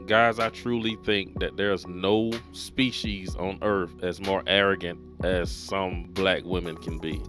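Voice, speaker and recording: Male reaction host, lowish voice, blunt and opinionated, faint music bed. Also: fairly bright tone. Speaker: commentary host. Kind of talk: reaction commentary.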